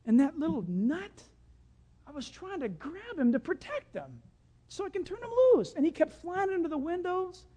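Animated preacher with lively pitch. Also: moderate pace. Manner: animated storytelling, swings from loud to hushed. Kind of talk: sermon.

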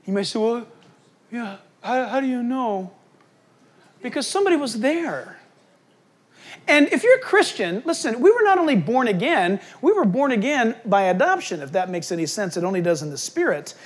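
A man preaching a sermon as pastor, swinging between loud emphatic bursts and quiet, hushed asides. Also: very high-pitched, big pitch swings, a little fast.

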